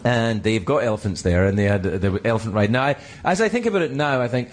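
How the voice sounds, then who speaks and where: A man's voice: fairly low pitch, lively intonation, fast talker. A man with a Scottish accent hosting a radio chat, spinning rambling, playful comic riffs. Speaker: host.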